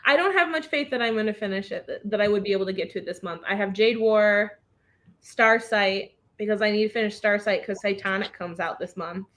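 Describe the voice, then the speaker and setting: A woman's voice: medium pitch, fairly quick, fairly bright tone. A woman hosting a casual reading livestream over a video call, chatting and laughing often.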